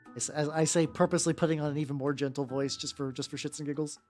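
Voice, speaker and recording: Gentle low-voiced woman chatting on stream. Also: fairly even intonation, fast talker. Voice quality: gentle, relaxing voice. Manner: rambling, with frequent restarts and swearing. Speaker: streamer painting miniatures. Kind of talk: casual chat. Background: faint background music.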